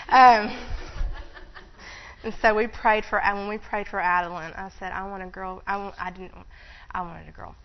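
A woman's voice: medium pitch, creaky. Woman preaching in a chatty, laughing way, slightly muffled. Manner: chatty, laughs often, frequent asides. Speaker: Bible teacher. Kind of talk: informal sermon.

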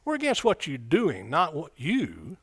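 A man preaching a folksy sermon in church, breaking into loud excited bursts. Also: on the high side, unhurried, husky, no echo, studio quality. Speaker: pastor.

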